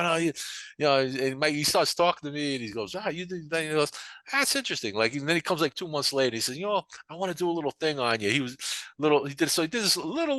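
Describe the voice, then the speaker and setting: Older new guy rambling through his story, bright forceful voice, dry close sound, does little voices for people he quotes. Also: a little high, no echo. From New York. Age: 60s. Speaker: painter and barbershop manager. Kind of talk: casual storytelling interview.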